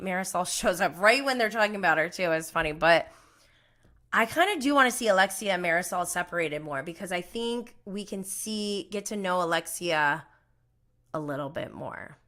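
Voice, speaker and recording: A chatty woman hosts a solo recap show in a bright, clear voice. She talks in a loose, animated way, laughing often and trailing off mid-thought. Her pitch sits in a middle range. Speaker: podcast host. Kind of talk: casual solo recap chat.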